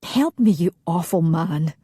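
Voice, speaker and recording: A woman voicing a strong-willed young bride in a romance audiobook, soft and breathy, sometimes whispering. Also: lowish voice, moderate pace, no room sound. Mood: breathless, tender.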